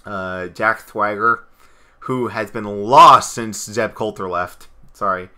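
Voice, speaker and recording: A man co-hosting a casual podcast chat, rambling excitably with frequent asides. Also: on the low side, slow. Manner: rambling, excitable, slips into goofy impressions. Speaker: podcast co-host.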